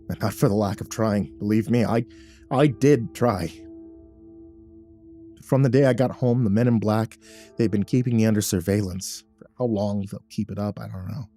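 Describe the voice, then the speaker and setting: A man narrating a horror story in a measured, somber storytelling manner. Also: lowish voice, warm tone.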